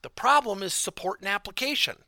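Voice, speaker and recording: A man's voice: sits high, animated, brisk, pushed and bright, dry recording, studio quality. A man giving a motivational business talk as a corporate coaching trainer, stressing key words emphatically and theatrically.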